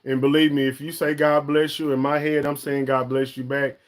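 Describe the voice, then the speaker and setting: A man's voice: a little high, flat delivery, normal speed. A man, hosting a casual live-stream chat for a fishing channel, talking in a chatty, emphatic way and often calling viewers "y'all" and "man".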